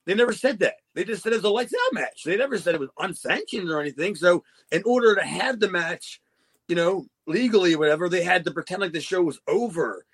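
A man's voice: high-pitched, expressive, fast, fairly bright tone, breathy edge. A man co-hosting a casual chat show, telling stories, laughing and cursing freely. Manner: storytelling, swears freely, laughs often. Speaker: podcast co-host.

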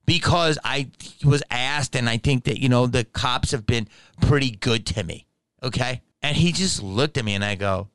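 Profane, animated male podcast storyteller. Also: mid-range voice, normal speed, clear, resonant tone, no room sound. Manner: animated, profane, acts out both sides of a quarrel. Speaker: podcast host. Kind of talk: comedic storytelling.

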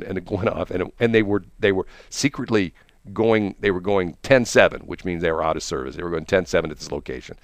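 A man hosts a casual chat, telling stories in a rambling way. He laughs often and restarts his sentences. His voice sits fairly low and sounds dry and close. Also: no room sound. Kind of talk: casual storytelling.

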